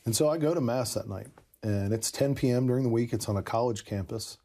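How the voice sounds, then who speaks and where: Husky man earnestly telling a story. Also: medium pitch, fairly quick, dark tone. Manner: earnest, reflective, with frequent "you know". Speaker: podcast guest telling his conversion story. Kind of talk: casual storytelling conversation.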